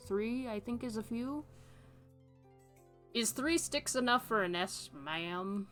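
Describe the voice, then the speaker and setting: A woman's voice: mid-range voice, animated, takes it slowly, a bit bright, soft background music. A woman streamer giving casual gameplay commentary, chatty and self-amused as she thinks aloud.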